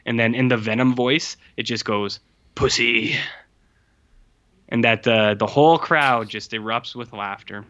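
A man co-hosting a casual movie review chat, animated, swearing freely and acting out lines from the film. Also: mid-range voice, normal speed, hardly any pauses. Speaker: podcast co-host reviewing movies. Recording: muffled lo-fi sound.

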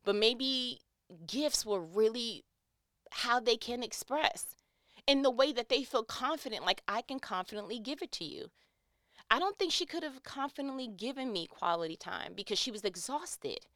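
Woman vlogger, candid storyteller, smooth voice, dry close sound. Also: fairly high pitch, normal speed, dry recording. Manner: candid, conversational, expressive storytelling. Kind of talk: personal reflective monologue.

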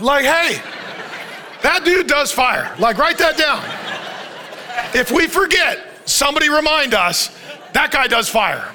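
A man's voice: extremely high pitch, bright, forceful tone. A male pastor preaching a sermon, telling the story with jokes and frequent laughter.

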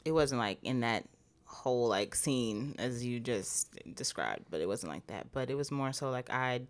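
Woman, low voice, chatty co-host, says "like" a lot, casual talk. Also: moderate pace. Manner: talkative, many "like" fillers, animated retelling. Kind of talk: casual chat.

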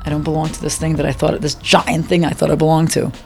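A woman's voice: low voice, level tone, creaky, a little mellow, soft background music. Emotional middle-aged woman telling her story. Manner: emotional, halting, repeats words. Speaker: interviewee. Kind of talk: personal storytelling interview.

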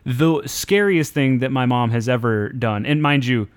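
A young man talks at a medium pitch, swearing freely as he rambles through a self-mocking story. His delivery is loose and conversational, like a podcast chat among friends. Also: measured pace, clear, resonant tone. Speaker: podcast co-host.

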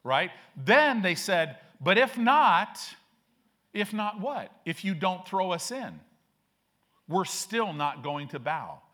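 A man's voice: high voice, big pitch swings, slow pace, a bit bright. A male pastor preaching a sermon in a conversational, slangy way, acting out quoted characters with a shifting voice. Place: church sanctuary.

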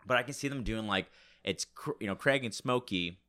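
A man's voice: fairly low pitch, fairly quick, pushed and bright. A young man in casual podcast chat, rambling with many fillers.

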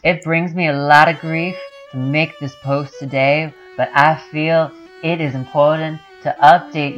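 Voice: medium pitch, lightly acted. A podcast host reading a small-town Texan mother's online post aloud, mock-solemn, in a put-on accent. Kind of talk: comedic reading of a social media post.

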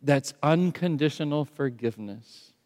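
A man preaching a sermon as pastor, swinging from hushed, slow lines to loud, emphatic ones. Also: fairly high pitch, animated, long reverb tail.

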